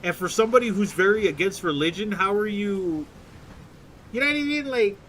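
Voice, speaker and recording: High-voiced man ranting casually. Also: animated, brisk, fairly bright tone, a little hiss or hum. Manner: profane, rambling, restarts and mocking quotes. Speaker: streamer.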